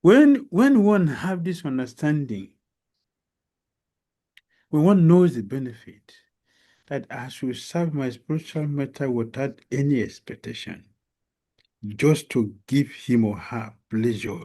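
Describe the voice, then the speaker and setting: A man giving a devotional lecture as a spiritual teacher, telling a story slowly and with emphasis, with many pauses and fillers. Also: mid-range voice, lively intonation, warm tone. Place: lecture hall.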